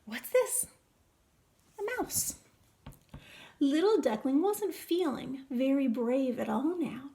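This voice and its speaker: High-voiced teacher reading to small kids. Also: female voice, slow. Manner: animated, questioning, sing-song. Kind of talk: reading a picture book to young children.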